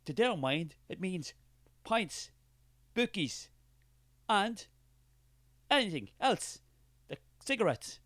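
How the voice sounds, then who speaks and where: A man's voice: high-pitched, sing-song, takes it slowly, pauses often, a bit bright, no echo, heavily acted. An Irish man playing a suspicious, money-minded male skeptic who answers in a scornful, defensive and dismissive way in a comic character sketch.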